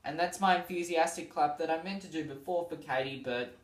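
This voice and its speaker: A man's voice: a little high, fairly quick, very noisy. Tired guy reading tweets and cracking up, sounds a bit far off in an echoey room. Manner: chatty, giggly, laughs between readings. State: tired and yawning. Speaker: vlog host. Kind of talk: casual commentary reading tweets aloud. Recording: roomy sound, distant from the mic.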